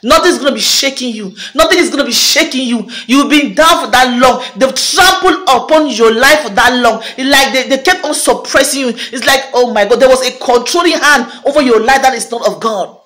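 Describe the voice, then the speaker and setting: A woman's voice: a little fast, few pauses, a bit bright. A woman minister giving a prophetic declaration to a video audience, fervent and repetitive, restating each phrase again and again. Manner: rising to a fervent high pitch at climaxes.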